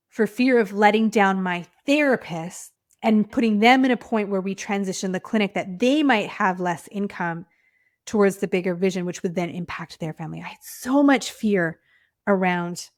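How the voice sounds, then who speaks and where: A woman in an everyday pitch, hosting her own podcast and sharing a personal story. She talks casually, with plenty of "like," and stays heartfelt and emotional throughout. Her voice often sinks to a soft near whisper. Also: dry recording, clean studio sound. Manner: casual, frequent "like" fillers. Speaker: podcast host and clinic owner.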